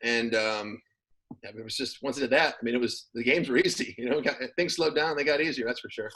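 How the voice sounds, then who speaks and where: A man's voice: mid-range voice, a little fast, poor audio. A man, a former pro football player, talking casually as an interview guest, rambling with plenty of fillers. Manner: relaxed, rambling with many fillers.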